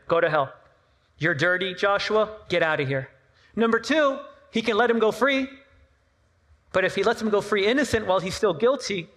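A man with a high-pitched voice preaching a sermon at a church service. He talks in a loose, conversational way, repeating his points and tossing in playful asides. The sound rings with the long reverb of a large hall. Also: a bit bright. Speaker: pastor.

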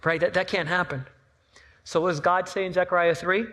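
A man's voice: high voice, fairly even intonation, a little fast, pushed and bright. A man preaching a sermon at a church service, talking conversationally with playful asides and repeated phrases. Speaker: pastor. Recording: long reverb of a large hall.

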